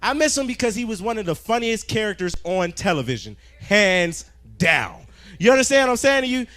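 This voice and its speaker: A man doing a stand-up set on a club stage, loud and animated, swearing a lot. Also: high voice, fairly quick, clean tone. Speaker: stand-up comedian.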